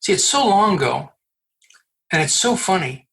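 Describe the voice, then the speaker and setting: A man in his sixties, a podcast guest from Canada, telling a personal story in a lively, joking way and acting out the people he quotes. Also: high voice, moderate pace, creaky. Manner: lively, jokey storyteller who acts out quoted dialogue. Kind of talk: animated storytelling.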